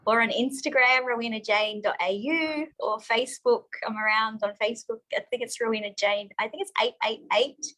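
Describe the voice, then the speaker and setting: A woman speaks as a guest in a live interview. Her voice sits fairly high and sounds bright and forceful. She tells personal stories openly and with feeling. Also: fairly quick, hardly any pauses, rough recording. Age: 40s. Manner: open, emotional personal storytelling. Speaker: guest, therapist.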